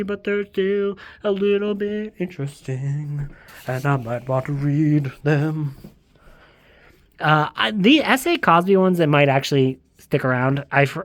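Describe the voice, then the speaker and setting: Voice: medium pitch, no room sound. A book vlogger giving a casual, rambling bookshelf tour at home, joking, swearing casually and slipping into silly voices. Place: home, walking between rooms.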